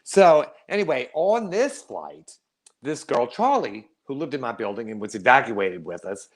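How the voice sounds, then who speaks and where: A middle-aged man performing a wry, animated storytelling monologue, laughing often. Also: mid-range voice, measured pace.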